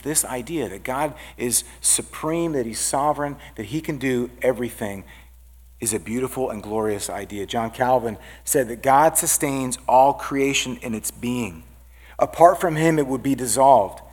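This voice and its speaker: A man's voice: medium pitch, normal speed. A middle-aged man preaching a sermon as a pastor, earnest and building up as he reads out scripture. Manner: earnest preaching, lively rises on quoted scripture.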